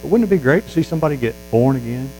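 A man preaching a sermon as a Baptist pastor, folksy and emphatic, building to loud fervor. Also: mid-range voice, animated, racing, slight background noise, poor audio.

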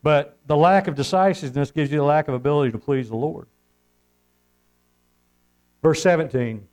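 A man's voice: fairly high pitch, moderate pace, pauses often, darkish tone, rough recording. Man, pastor, preaching with homespun anecdotes and amen calls. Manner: folksy storytelling preacher, calls for amens. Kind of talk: sermon.

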